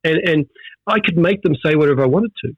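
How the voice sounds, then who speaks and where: A middle-aged Australian man, a veteran firefighter, talking in an animated storytelling way with many restarts in a casual interview. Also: on the high side, quick pace, no room sound. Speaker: firefighter guest. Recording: dull dry audio.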